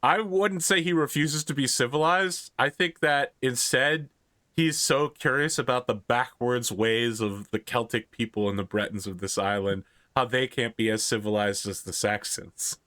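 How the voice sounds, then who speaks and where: A man narrating a tabletop role-playing game as game master, relaxed and playful. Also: mid-range voice, moderate pace, no room sound.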